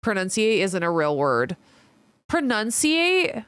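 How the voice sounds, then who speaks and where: A woman's voice: mid-range voice, animated, moderate pace, a bit bright, dry recording. Chatty Midwestern woman streamer. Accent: Midwestern American. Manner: chatty, reads viewer messages aloud and swears casually. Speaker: livestreamer. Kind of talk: casual chat with viewers.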